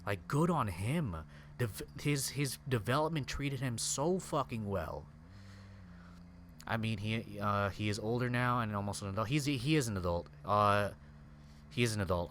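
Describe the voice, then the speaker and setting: Chatting with his viewers during a game stream, this young man rambles casually and slangily, dropping "dude" and "like" all the time. His voice sits on the low side with a fairly bright tone, and there's a little hiss or hum in the audio.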